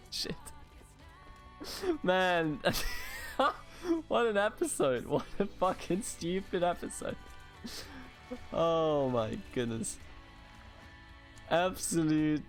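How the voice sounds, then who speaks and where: A man's voice: a little high, expressive, extremely slow, long pauses, soft background music. A man from Germany hosting a let's play, muttering to himself in exasperation, swearing and mocking his own mistakes. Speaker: gaming video host.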